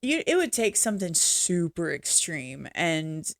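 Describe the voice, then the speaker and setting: A woman hosting a casual reaction video, talking in a rambling, halting way with blunt opinions. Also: lowish voice, very animated, no echo, studio quality. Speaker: reaction channel host. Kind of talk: casual unscripted reaction commentary.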